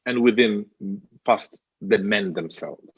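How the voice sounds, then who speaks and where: A man's voice: on the low side, slow, slightly rough, no echo, dull audio. A male guest on a talk show, talking fervently about men supporting each other, his voice climbing when he makes an appeal. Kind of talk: storytelling in conversation.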